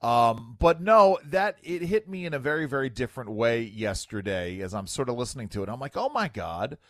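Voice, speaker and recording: A man's voice: mid-range voice, moderate pace, dry recording, clean studio sound. A man hosting a talk radio show, giving wry commentary with lots of fillers. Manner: wry, animated, filler-heavy. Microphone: studio microphone.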